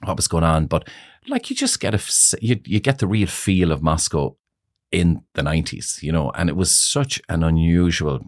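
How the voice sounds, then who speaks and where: Man, middle-aged guest, very low voice, dry close sound, chatty storyteller who laughs a lot. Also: big pitch swings, moderate pace, hardly any pauses, no room sound. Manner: chatty, laughs often, many fillers like "you know". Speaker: salon owner, guest. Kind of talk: casual interview storytelling.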